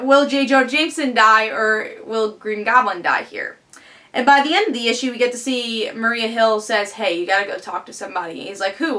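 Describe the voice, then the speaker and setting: A woman giving a casual comic book review on her vlog, excitable and fond of rhetorical questions. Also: a little high.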